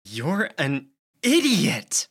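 A man's voice: lowish voice, animated, unhurried, sharp tone. A man reading an audiobook, voicing a frustrated young woman whose voice sounds raw as she scolds a newcomer. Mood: scolding. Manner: emotional, strained and scolding. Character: young girl soldier, raw, frustrated and bossy.

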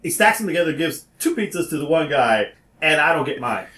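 A man tells a story with lots of energy and acts out both sides of a phone call, sometimes rising to a shout. His voice sits a bit high and swings widely. The room around him sounds roomy and echoey. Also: very animated, brisk. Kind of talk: animated storytelling.

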